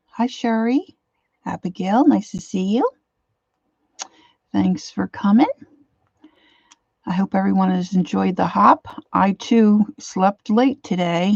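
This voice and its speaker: A woman's voice: medium pitch, a little mellow, dry recording, muffled recording. An older woman hosting an art livestream, chatting casually, greeting viewers by name and getting a little emotional. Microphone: computer mic, set far from her face.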